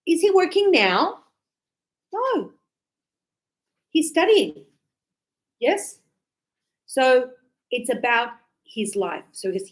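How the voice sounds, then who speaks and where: Woman teacher in a classroom, kinda high voice, talks slow, acts out little chats w students. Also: poor audio. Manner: lively, acts out student dialogues with quick questions. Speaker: English teacher. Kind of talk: classroom lesson.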